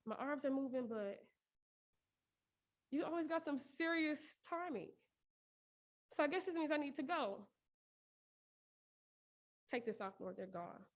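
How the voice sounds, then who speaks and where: A woman with a high, light voice performs a spoken word piece framed as a prayer. She speaks earnestly and pleadingly, and laughter keeps slipping into her lines. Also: animated, a little slow, long pauses. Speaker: poetry performer.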